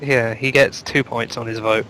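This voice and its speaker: A man's voice: mid-range voice, fairly even intonation, moderate pace, sharp tone, a little hiss or hum, low-quality recording. A man co-hosting a live chat show, reading out the latest runs in a rambling, joking way full of fillers, speaking over a home microphone on an online call. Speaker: co-host reading out new speedruns.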